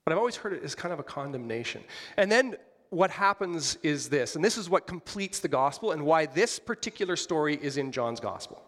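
A man gives a relaxed, conversational sermon, putting questions to his listeners and adding touches of humor. His voice sits a little high for a man. The sound rings with the long reverb of a large hall. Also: fairly quick. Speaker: pastor.

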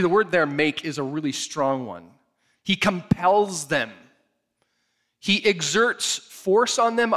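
A man preaching a sermon, retelling a scripture story with animated, acted-out storytelling. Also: on the high side. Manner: animated storytelling, acts out the scene. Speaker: pastor.

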